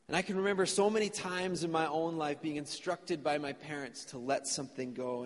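A man's voice: on the high side, moderate pace, hardly any pauses. A man preaching a sermon as pastor, earnest and conversational, in a church sanctuary. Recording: long church reverb.

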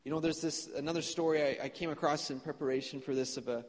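A man's voice: on the high side, steady tone, fast, in a large hall. A young man preaching a sermon earnestly, repeating phrases for emphasis. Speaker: pastor. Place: church.

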